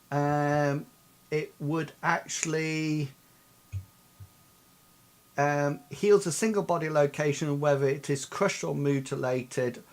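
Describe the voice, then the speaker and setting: A man running a tabletop role-playing game as game master, explaining the rules hesitantly, with many pauses and restarts. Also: a little high.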